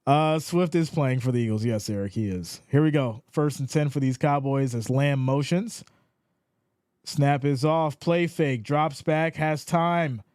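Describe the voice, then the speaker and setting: A man hosting a live stream, calling the plays and reading viewer chat in an animated voice. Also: unhurried, no room sound, clean studio sound. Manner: animated, rises in pitch when excited. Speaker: live stream play-by-play host. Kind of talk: play-by-play commentary with chat reading.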